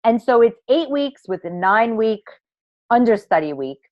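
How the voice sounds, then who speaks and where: A woman leads an online masterclass for women with a theatrical, gushing delivery and casual swearing. Her pitch leaps and dips with lots of movement. The audio is dry and a little dull, like a basic computer mic. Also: big pitch swings, moderate pace, darkish tone, no echo. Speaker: online workshop host and women's coach. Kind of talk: live online masterclass talk.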